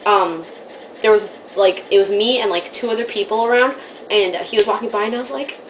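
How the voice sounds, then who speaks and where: A woman's voice: a little fast, a little hiss or hum, poor audio. Gushing young woman vlogger. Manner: gushing, excitable, acts out quoted voices in high squeals. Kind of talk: casual vlog storytelling.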